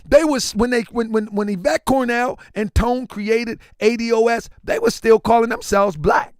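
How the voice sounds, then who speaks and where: A man's voice: very high voice, steady tone, normal speed, clear, resonant tone, no room sound, studio quality. A man hosting an opinion commentary show, speaking emphatically and repeating his points, calling his listeners family. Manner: emphatic and repetitive, addressing viewers as family. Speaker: commentary channel host.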